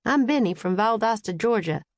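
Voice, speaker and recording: A woman's voice: a little high, animated, moderate pace, no echo, voice pushed up. Easygoing Southern male guard, friendly drawl, a woman doing him, dry room.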